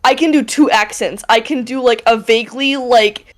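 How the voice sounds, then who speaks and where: A woman's voice: fairly high pitch, moderate pace. A woman playing a tabletop game in casual chat, hedging and leaning heavily on fillers. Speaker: player.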